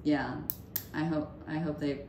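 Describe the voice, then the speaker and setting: A woman co-hosting a podcast, telling stories in casual chat and acting out the people she quotes with lively jumps in her voice. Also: a little slow. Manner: animated, acts out quoted voices with big pitch jumps. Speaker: podcast co-host. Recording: echoey room with faint noise.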